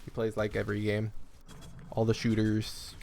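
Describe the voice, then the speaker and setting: A young man talks through a game in a loose, chatty way, drifting into side stories. His voice is low and gravelly. A faint hiss sits under the desk-mic recording. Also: completely flat delivery, normal speed, darkish tone. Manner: chatty, laid-back, loose asides with laughs. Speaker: gaming streamer. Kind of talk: casual gameplay commentary.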